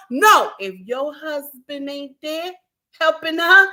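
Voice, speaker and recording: A middle-aged woman, giving an impassioned commentary monologue, repeating her points and shouting for emphasis. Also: very high-pitched, takes it slowly. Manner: preachy, repeats lines for emphasis, shouts at times. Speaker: commentary vlogger.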